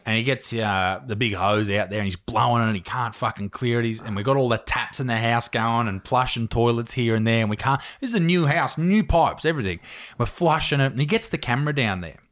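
A man's voice: mid-range voice, fairly quick, a bit bright. A man spinning a story in casual podcast chat, with a mid-range voice. He swears freely and laughs often as he goes.

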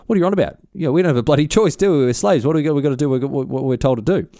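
A doubtful crew of male sailors, put on by a man. They question the plan in incredulous, slangy talk at a middle pitch. The recording is dry and close. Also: very animated, fast talker, darkish tone, dry recording, close to an everyday voice.

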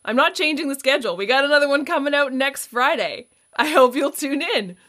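Higher-voiced woman hosting a podcast. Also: expressive, brisk, bright, forceful tone. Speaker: podcast host. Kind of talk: casual interview and sign-off.

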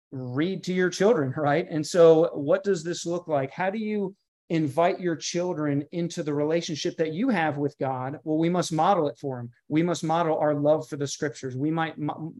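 A pastor in a podcast interview, speaking with a somewhat high voice for a man. He talks in an earnest, emphatic teaching tone. He stacks up repeated phrases the way a preacher does. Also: a little mellow. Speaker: pastor and guest author.

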